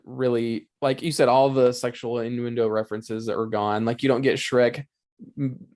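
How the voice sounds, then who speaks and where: A man on a podcast as a guest in casual chat, talking haltingly with many restarts. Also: mid-range voice, level tone, darkish tone. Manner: hesitant, lots of fillers and restarts.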